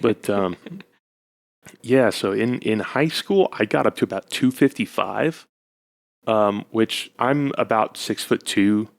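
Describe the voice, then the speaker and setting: A man's voice: on the low side, slow pace, gravelly. A man co-hosting a casual podcast chat, rambling and self-deprecating with lots of fillers. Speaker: podcast co-host, husband.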